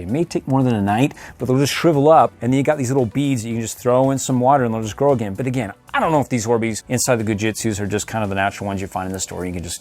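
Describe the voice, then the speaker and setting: A man's voice: mid-range voice, a little mellow. A man hosting a casual toy review video, playful and ad-libbing, laughing often. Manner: playful, laughs often, ad-libs silly voices.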